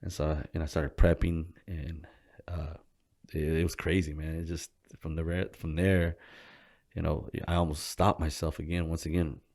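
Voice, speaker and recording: A gym co-owner talking loosely in a casual interview, slangy and full of swearing, and often breaking into laughs. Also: male voice, extremely low pitch, little pitch movement, moderate pace, darkish tone.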